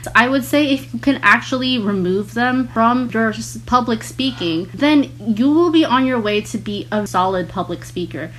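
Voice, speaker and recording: A teenage girl, a student guest, explaining public speaking mistakes in a measured way. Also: on the high side, a bit bright, a little hiss or hum, poor audio. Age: teens.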